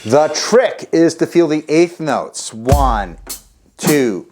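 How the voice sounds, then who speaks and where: A man teaching a casual drum lesson in an easygoing, talkative way. He counts rhythms out loud between explanations. A drum kit plays clearly behind him. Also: a little high, big pitch swings, slow, over loud music. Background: drum kit playing.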